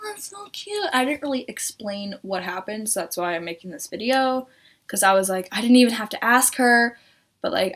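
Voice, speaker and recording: A young woman telling a story to camera in an excited vlog, gushing, swearing and acting out quotes in a higher voice. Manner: gushing, swears a lot, acts out quotes in a high voice. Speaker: vlogger.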